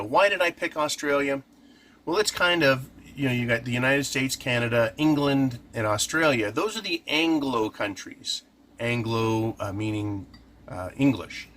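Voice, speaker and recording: A man's voice: medium pitch, moderate pace, fairly bright tone, a little hiss or hum. A man hosting a casual commentary, talking through his points by asking and answering his own questions. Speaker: host.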